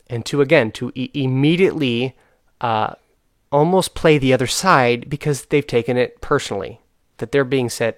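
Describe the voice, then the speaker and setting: A man's voice: medium pitch, no echo, clean studio sound. A young man hosting a casual talk, earnest and frustrated, with many fillers and restarts. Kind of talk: casual chat.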